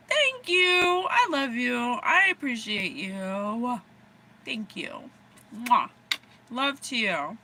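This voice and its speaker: An American psychic reader from the USA gives a casual livestream reading in a fairly high, pushed and bright voice, bubbly and rambling with frequent giggles. Slight background noise is present.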